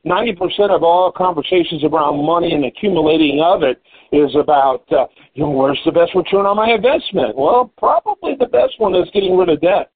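A man hosts a casual business interview with a somewhat high, husky voice. He talks loosely, thinking aloud with fillers and repeats. The audio is thin and narrow, like a phone line. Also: animated, fairly quick. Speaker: podcast host.

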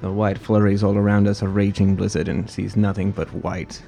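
A man player narrating his character's actions in a relaxed, matter-of-fact way. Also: fairly low pitch, fairly quick, vocal fry, soft background music.

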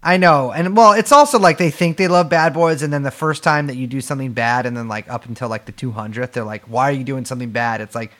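A man's voice: a little high, quick pace, hardly any pauses, a bit bright. A man co-hosting a podcast in casual chat, rambling and joking with lots of fillers. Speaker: podcast co-host.

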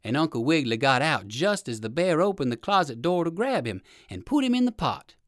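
A man narrating a children's storybook in a gentle, expressive read-aloud manner. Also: on the high side, a little fast, no echo, clean studio sound.

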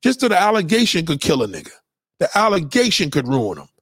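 A man delivers an animated, profane rant, preaching to his viewers as if he knows what they refuse to see. His voice sits high and swings widely up and down, hammering points through repetition. The sound is dry, with no room echo. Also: fast talker, breathy edge. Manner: repeats himself for emphasis. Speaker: vlogger giving opinions.

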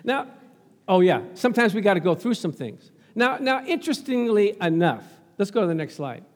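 A man's voice: sits high, normal speed. A man preaching a sermon in a church, laughing often and calling out to the congregation. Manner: laughing, animated, talks back to the congregation. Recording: long church reverb.

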